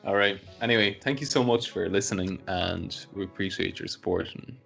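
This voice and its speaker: A man with a very low, gravelly voice hosts a casual podcast among friends. He rambles and fills pauses with ums and likes. Faint music sits under the talk. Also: a bit bright. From Poland. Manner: rambling, many fillers. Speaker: podcast host. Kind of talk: casual chat.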